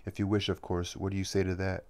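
A man's voice: low voice, completely flat delivery, quick pace, a little mellow. A man reading as a sly, courteous demon envoy. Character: sly male demonic emissary.

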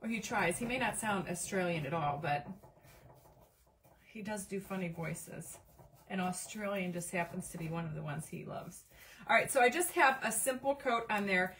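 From her home craft room, a woman hosts a casual craft live stream, chatting with viewers and reading their comments aloud as she works, using lots of fillers. Her voice is medium-pitched and fairly bright at a moderate pace. The mic is distant, with a little hiss or hum.

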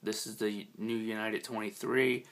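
A man with a scratchy, hoarse voice gives a laid-back, rambling tour of his collection at home, with many ums and casual swearing. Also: lowish voice, steady tone, normal speed. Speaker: collector giving a room tour.

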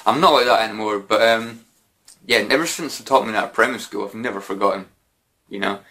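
Chatty man, bright voice. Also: fairly low pitch, fast talker. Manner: rambling, lots of "you know" and mild swearing. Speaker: YouTuber answering viewer questions. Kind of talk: casual Q&A chat.

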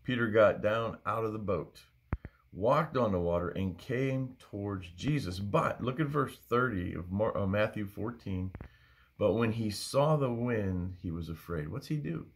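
A middle-aged man with a somewhat low voice teaches a Bible study. He talks in an earnest, conversational way and often repeats phrases for emphasis. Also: lively intonation, unhurried, a little hiss or hum.

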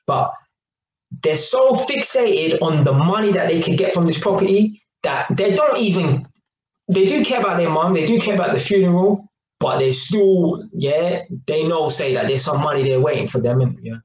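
A man giving a rambling, emphatic opinion monologue and tagging his points with quick questions. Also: fairly high pitch, lively intonation, darkish tone, echoey room, lo-fi sound. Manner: rambling and emphatic, tags lines with "yeah?" and "innit". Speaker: YouTuber.

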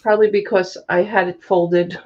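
A woman's voice: medium pitch, steady tone, unhurried, warm tone. A woman hosting a casual live-stream sale, chatting and calling out viewers by name. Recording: dull lo-fi sound.

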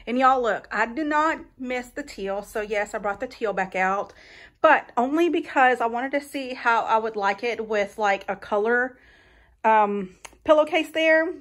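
This is a chatty young woman with a drawl who vlogs from inside her own home. She speaks a little high and calls her viewers y'all. She talks through her makeover plans in a folksy, easygoing way. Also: expressive, measured pace, fairly bright tone. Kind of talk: casual chat to camera.

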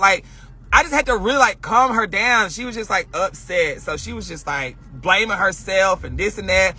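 A young woman vlogger telling a personal story in a chatty, animated way, swearing and acting out quotes. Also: medium pitch, normal speed, breathy edge. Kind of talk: casual storytelling.

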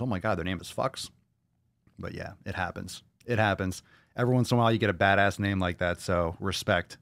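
Profane, excitable low-voiced male podcast host. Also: fairly quick, no room sound. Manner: profane, excitable, repeats phrases. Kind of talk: casual podcast monologue.

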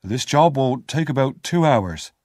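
A man reading a story aloud and voicing a gentle, plain-spoken blacksmith in a quiet, calm way. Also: medium pitch, unhurried, no room sound, clean studio sound, lightly acted.

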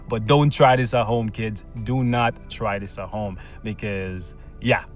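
A man hosting a gaming channel, talking through gameplay in a casual, excitable way, coaxing his luck with slang and bursting into cheers. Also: medium pitch. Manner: bursts into loud shouts and cheers when excited; coaxes the game with slang and pet names.

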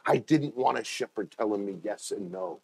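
A male pastor preaches a sermon, telling stories and acting out quoted voices with sudden jumps in pitch. He speaks at a moderate pace in a husky voice.

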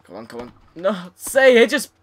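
A man's voice: high-pitched, sing-song, normal speed. A young man commentating his tennis game, frustrated, swearing and sarcastic. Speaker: gaming YouTuber. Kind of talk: let's play commentary.

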